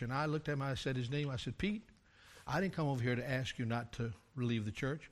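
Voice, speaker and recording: A fast-talking older preacher with a mid-range voice shares a story from his years leading a congregation, his sermon swelling to loud, emphatic climaxes.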